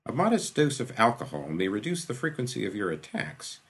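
A man's voice: fairly low pitch, sing-song, a little fast, breathy edge, heavily acted. A man voicing a dry, pompous physician who speaks in a precise, wordy, drawling way. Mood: dry, unruffled. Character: dry, pompous middle-aged male physician.

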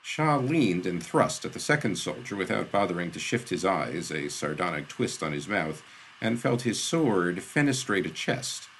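Deep gravelly male narrator. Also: normal speed, slight background noise. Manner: steady, descriptive storytelling. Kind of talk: audiobook narration.

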